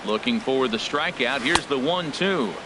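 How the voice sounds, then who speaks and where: A man doing play-by-play commentary for a baseball game, with a brisk, measured call that rises on big plays. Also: mid-range voice, expressive. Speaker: play-by-play announcer. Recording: broadcast over loud crowd and stadium noise.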